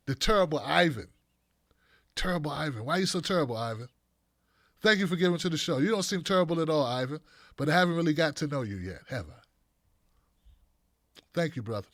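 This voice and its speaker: A man's voice: fairly high pitch, animated, fast talker, long pauses, fairly bright tone, dry recording, studio quality. A man hosting a live show, reading out viewer donations and comments in a loose, joking way, laughing often. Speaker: host. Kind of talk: casual livestream chat reading donations.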